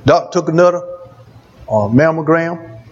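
A man's voice: fairly high pitch, lively intonation, unhurried, muffled recording. A man preaching a testimony sermon, repeating phrases for emphasis.

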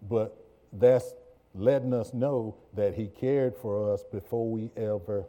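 A man preaching a sermon in a church, moving from low, slow passages to loud shouted bursts and often repeating words. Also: dull audio. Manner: repeats words and stammers when excited. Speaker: pastor.

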